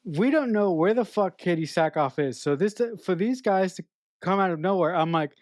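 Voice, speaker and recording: A woman's voice: lowish voice, lively intonation, normal speed, darkish tone, no room sound. A woman co-hosting a podcast, picking apart a film in blunt, exasperated casual talk full of swearing. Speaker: podcast co-host. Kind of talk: casual film review chat.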